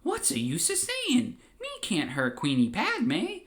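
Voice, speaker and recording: A man voicing a bumbling, excitable male alien who squeals high and speaks in broken grammar. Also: takes it slowly, full character voice. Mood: horrified.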